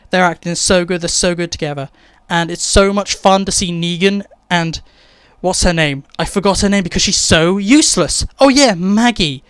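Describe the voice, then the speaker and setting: A man giving a casual TV episode review, talking in an excitable rush and tagging his points with "okay?". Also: high-pitched, smooth, dry recording. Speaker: TV show reviewer. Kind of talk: casual spoiler-light TV review.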